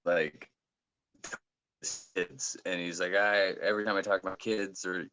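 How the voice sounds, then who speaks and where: A man co-hosting a podcast in casual chat, rambling and halting with restarts. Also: low-pitched, level tone, sharp tone, smooth, highs cut off. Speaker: podcast co-host.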